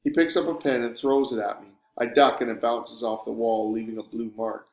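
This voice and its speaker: A man narrating a first-person story with a sardonic, wry edge, at a middle pitch for a man. The recording has a clearly roomy echo around the voice. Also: fairly even intonation, a little fast. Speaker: audiobook narrator.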